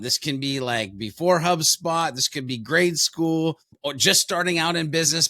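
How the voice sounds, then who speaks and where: With a slightly high, sharp-toned voice and no room sound, this American man hosts a casual podcast. He comes across as upbeat, eager and folksy.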